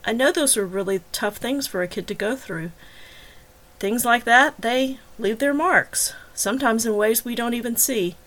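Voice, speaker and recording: A woman's voice: mid-range voice, normal speed, a bit bright, close to an everyday voice. A woman reading the lines of a worried middle-aged male detective, blunt and pressing in an interrogation. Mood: pleading.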